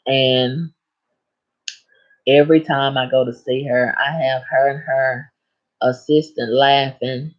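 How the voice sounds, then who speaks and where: A woman's voice: a bass voice, steady tone, takes it slowly, pauses often, muffled recording. A woman chatting frankly on a casual livestream, laughing at her own stories. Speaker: livestream host.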